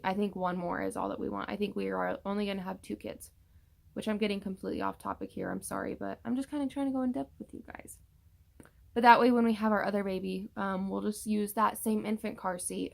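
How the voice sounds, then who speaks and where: A woman's voice: mid-range voice, flat delivery, a little fast, vocal fry. A young woman casually chatting through a pregnancy update vlog, rambling with many fillers and tired from yawning. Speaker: vlogger.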